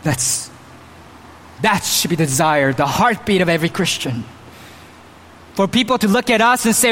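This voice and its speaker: A man's voice: expressive, moderate pace, pauses often, a bit bright. A man preaching a sermon as pastor, emphatic, at times mimicking boastful speech. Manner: emphatic, acts out quoted boasts with raised pitch. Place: church. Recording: long reverb of a church hall.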